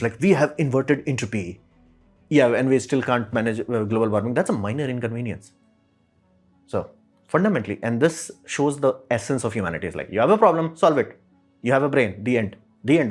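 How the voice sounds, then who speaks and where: Rambling man with faint music behind. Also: medium pitch. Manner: rambling, repeats "it's like", fillers. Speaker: commentator. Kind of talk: casual opinion monologue.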